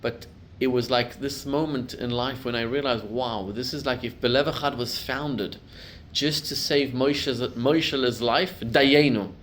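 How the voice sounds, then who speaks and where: A middle-aged man, a rabbi, giving a class to a live group, telling stories and building to loud emphatic peaks. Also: medium pitch, measured pace, hardly any pauses, slight background noise.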